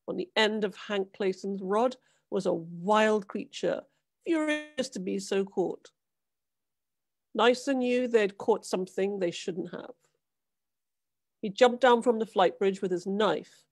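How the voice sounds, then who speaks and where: A woman's voice: medium pitch, a little mellow, dry recording. Woman reading her novel aloud. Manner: measured, dramatic storytelling. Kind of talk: literary reading.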